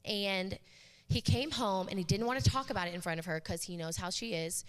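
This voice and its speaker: A woman pastor delivers a sermon in a church sanctuary, telling family stories in a chatty, joking way. Her voice sits at an ordinary middle pitch. The live recording carries a long hall reverb. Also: brisk. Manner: chatty, joking, animated storytelling.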